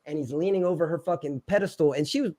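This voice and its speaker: Talking quickly in a high-ish voice, this man from Philadelphia spins a lengthy, profane tale for a casual podcast. He gets animated and booms out impressions of the people he's quoting; the recording has no room sound.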